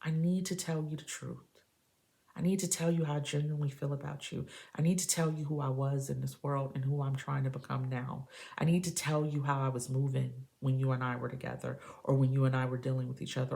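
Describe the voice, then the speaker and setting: A woman with a deep voice and a gravelly edge gives a tarot reading to camera. She speaks emphatically to the listener, like a preacher. She stays casual throughout, calling people baby and y'all. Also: darkish tone. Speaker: tarot reader.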